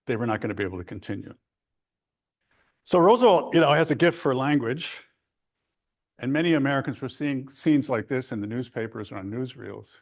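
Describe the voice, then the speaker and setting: Lecturer, mid-pitched man, lively storytelling, conversational asides, academic talk. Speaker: history lecturer.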